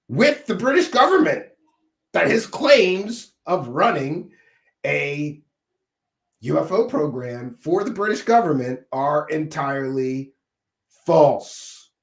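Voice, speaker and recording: A man hosting a live commentary stream, mocking and combative, jumping between shouting and muttering. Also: a little high, very animated, takes it slowly, roomy sound. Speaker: commentary show host.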